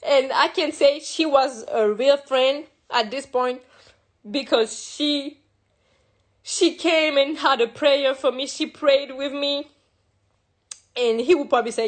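A fairly high-voiced young woman from France tells her own story in English, her first language being French. She talks haltingly, circling back and repeating words as she goes. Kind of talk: personal confessional monologue.

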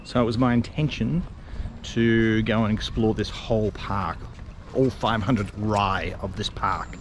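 A man's voice: fairly low pitch, fairly even intonation, measured pace. A middle-aged Australian man narrating a casual walking vlog outdoors, rambling and chatty with lots of fillers and restarts. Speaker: travel vlogger. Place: outdoors in a city park. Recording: outdoor street and traffic noise.

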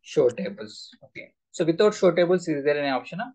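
A man's voice: on the high side, big pitch swings, a little fast, a little mellow, slightly rough. A man teaching a live SQL class, quizzing students with repeated questions. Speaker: SQL instructor.

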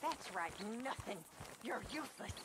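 A stern older camp matron in a video game, scolding with contempt. Her voice is high and swoops widely. Clear background noise runs under the game audio. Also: lively intonation, normal speed. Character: stern, scornful older woman running an outlaw camp.

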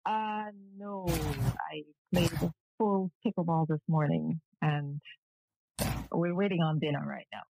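A woman's voice: low voice, slow pace, creaky, warm tone, no echo. A woman from Jamaica, frank and matter-of-fact, talking as a guest in a casual interview over a remote video call. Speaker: guest, cultural media commentator. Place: at home in the evening. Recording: tinny phone-like call audio.

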